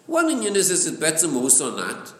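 Lively man teaching a Torah class. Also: on the high side, quick pace. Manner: lively, repeats words, mixes Hebrew and Yiddish terms into English. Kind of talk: Chassidic text class, explaining to students. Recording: echoey room.

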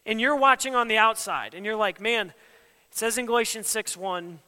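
A man's voice: high voice, normal speed, bright, forceful tone, smooth. A man giving a conversational, emphatic sermon as a pastor, acting out quoted dialogue as he goes. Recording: long hall reverb.

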